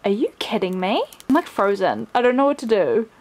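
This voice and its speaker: A woman vlogs in a gushing, excitable way, sometimes sinking to a hushed voice. Her voice sits a little high and swoops around a lot. The recording carries plenty of background noise. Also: fairly quick. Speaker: vlogger. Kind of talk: casual vlog chat.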